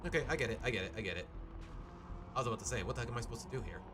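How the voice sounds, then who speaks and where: Lively male streamer over game music. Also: mid-range voice, rapid-fire. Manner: animated, jokey, chats to viewers. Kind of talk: live gameplay commentary.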